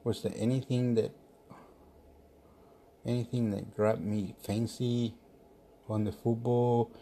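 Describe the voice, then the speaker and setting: A man in a loose, casual monologue working through football predictions. He rambles and talks to himself, sometimes muttering and swearing under his breath, at an ordinary middle pitch. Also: little pitch movement, slow pace, dark tone, a little hiss or hum. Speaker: vlogger giving football predictions.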